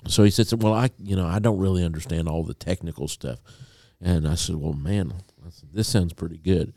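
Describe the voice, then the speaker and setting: A man co-hosting a podcast, telling a long story in a casual, animated way and acting out a phone call. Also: low voice, brisk, no room sound, clean studio sound. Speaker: podcast co-host.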